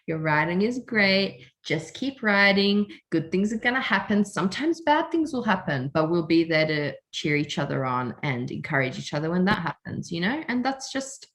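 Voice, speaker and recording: A woman's voice: lowish voice, big pitch swings, normal speed, hardly any pauses, fairly bright tone. Woman podcast host gushing and laughing, voice swoops up and down a lot. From Australia. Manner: effusive, laughing, emotional. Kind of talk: casual chat.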